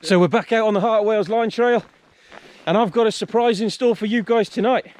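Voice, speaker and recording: A man's voice: sits high, brisk, darkish tone. A British man narrating a hiking vlog outdoors on a countryside trail, chatty and jokey. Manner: chatty, jokey, self-mocking. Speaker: hiking vlogger.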